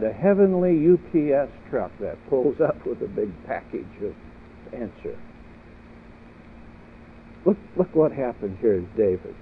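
A man preaching an earnest sermon at a slow, deliberate pace, now and then climbing to emphatic peaks. The sound is thin and phone-like, with a faint hiss underneath. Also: medium pitch. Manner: earnest, rising to emphatic peaks with repeated questions. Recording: tinny phone-like audio with faint noise.

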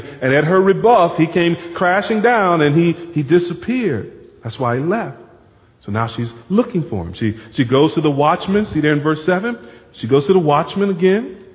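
A man preaching a sermon, talking casually and throwing asides to the congregation. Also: a little high. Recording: muffled sound with long hall reverb.

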